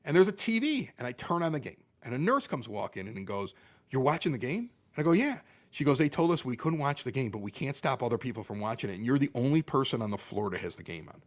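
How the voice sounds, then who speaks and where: A middle-aged man telling a story as a podcast guest, animated and quick to act out what others said. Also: mid-range voice. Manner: animated, exaggerated quoting of others. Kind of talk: casual storytelling.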